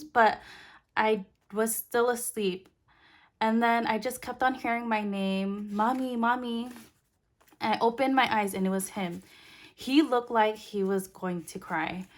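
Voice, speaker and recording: Slow-talking young woman counting cash. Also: on the high side. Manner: soft, unhurried, counting bills aloud. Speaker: budgeting vlogger. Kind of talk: casual storytelling while counting cash.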